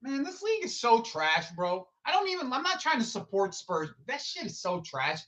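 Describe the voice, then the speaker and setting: A man's voice: extremely high pitch, huge pitch swings, moderate pace, pushed and bright. A man hosting a live football watch-along stream, rambling and swearing, repeating himself and blurting out reactions to the play.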